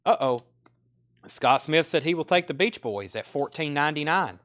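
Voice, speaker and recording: A man with a Southern US twang hosts a live record sale. He moves quickly through album titles and prices in loose, casual patter. He drops in offhand, chatty comments between sales. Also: fairly high pitch, animated, fairly bright tone.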